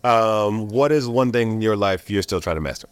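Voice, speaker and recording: A man's voice: on the low side, normal speed, smooth, dry recording. A man hosting an interview podcast, casual and chatty, filling his questions with "like". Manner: casual, uses "like" often, laughs easily. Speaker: podcast host. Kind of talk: conversational interview.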